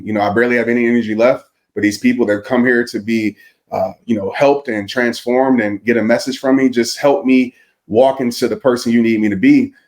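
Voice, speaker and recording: Motivational speaker, male, mid-pitch, earnest storytelling guest. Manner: earnest and reflective, with vivid retelling. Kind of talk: personal storytelling in a podcast interview.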